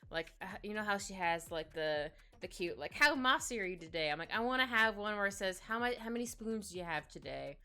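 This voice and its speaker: A woman's voice: mid-range voice, lively intonation, a little fast, few pauses, clean tone. A woman chatting casually while she draws on a live stream, rambling and giggly, with many little asides. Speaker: digital artist streaming her drawing. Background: soft background music.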